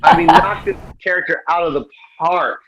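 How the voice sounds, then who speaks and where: A man's voice: on the high side, moderate pace, a crowd in the background, poor audio. A middle-aged man, a comedian and actor, talking earnestly in an interview and often asking "you know what I mean". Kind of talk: interview conversation.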